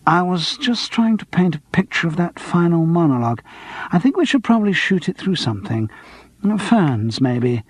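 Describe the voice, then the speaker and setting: A man playing a vague TV director in an audiobook who drifts through his words slowly, as if half elsewhere. His pitch sits a little high and soft, with a husky edge. The sound is dry. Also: big pitch swings, no echo. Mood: dreamy. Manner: dreamy, slow, lazy. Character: dreamy, distracted male TV director. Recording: dry close studio.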